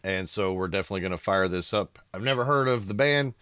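An excitable American man hosting casual reaction commentary at home, bursting into shouts of amazement. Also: low voice, fast, clean tone, no echo, studio quality. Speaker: reaction video host. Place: home room.

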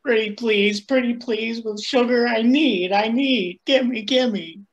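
A man's voice: high-pitched, animated, brisk, a bit bright, highs cut off. A man reading a clingy, needy grown-man patient who begs and wheedles in a childlike way, over a video call. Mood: pleading.

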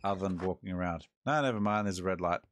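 Laid-back Australian man, low voice. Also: fast talker. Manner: laid-back, joking, talks to himself. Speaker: gaming host. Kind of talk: let's-play commentary.

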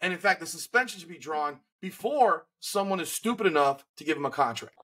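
A man's voice: a little high, lively intonation, fairly quick, bright, forceful tone, husky, poor audio. A man co-hosting a sports podcast, ranting bluntly and with profanity in an indignant tone. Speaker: podcast co-host. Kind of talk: heated sports opinion rant.

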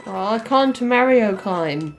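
A woman co-hosting a casual let's-play, excitable, giggly and teasing as she chats over a game. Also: a little high, slow pace, soft background music. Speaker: co-host of a gaming channel.

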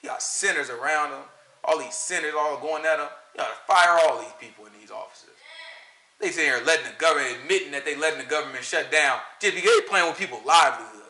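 Southern man, bright high voice, lively Bible teacher, echoey room. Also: quick pace. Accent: US Southern country. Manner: animated, rhetorical questions, frequent laughter. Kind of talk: informal Sabbath teaching.

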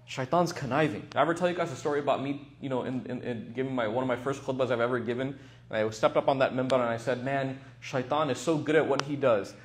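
A young man and religious teacher giving a casual storytelling talk in a lively, animated way. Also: medium pitch, fast, slight background noise.

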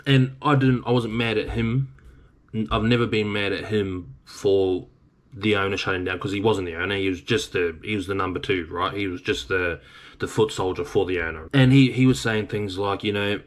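A blunt Australian man in his thirties tells a long story in a casual, rambling way and swears now and then. His voice sits deep and low. He talks like a truck driver chatting to his viewers. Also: fairly even intonation, moderate pace.

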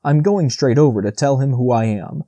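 A man's voice: mid-range voice, moderate pace, dark tone, no room sound, dull audio, lightly acted. A man voicing an earnest, anxious young male stag in an audiobook reading. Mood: resolute. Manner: pleading, earnest. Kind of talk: audiobook character voice.

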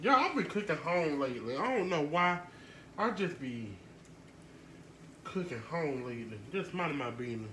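Animated woman vlogger chatting at home. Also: low voice, moderate pace, slight background noise. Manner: chatty, talks to viewers as y'all. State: congested with sinus trouble. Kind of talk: casual vlog chat to viewers.

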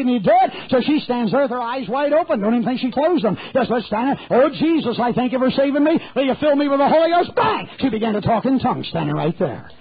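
A man's voice: very high-pitched, no room sound. A man preaching a sermon, telling a folksy, humorous story and acting out the voices of its people. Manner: folksy, humorous anecdotes with animated quoted voices. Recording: tinny phone-like, dry, husky.

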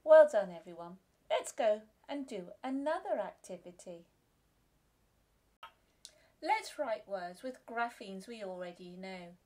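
Very slow, careful woman teaching phonics. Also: mid-range voice, expressive, dark tone. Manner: slow, clear, sounding out letters and syllables. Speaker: reception class teacher. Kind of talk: phonics lesson for young children.

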